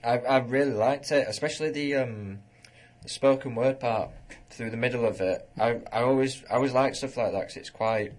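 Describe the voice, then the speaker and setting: A man on a radio panel giving an enthusiastic, halting opinion. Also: mid-range voice. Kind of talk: casual radio chat.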